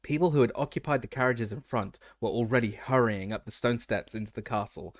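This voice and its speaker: A man's voice: medium pitch, fairly quick, no room sound. A man reading a fantasy novel aloud as an audiobook narrator, often stumbling and restarting words.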